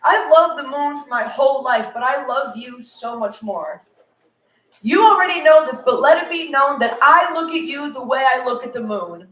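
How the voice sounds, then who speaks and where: A woman's voice: high-pitched, lively intonation, moderate pace, a bit bright. A woman performing a tender, earnest love poem at a cafe open mic. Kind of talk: live poetry reading. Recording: echoey room, mic far off.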